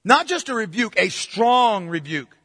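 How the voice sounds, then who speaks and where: A man's voice: sits high, sing-song, unhurried, sharp tone, husky. A man preaching a sermon to a congregation, emphatic and full of rhetorical questions. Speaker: pastor. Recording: long hall reverb.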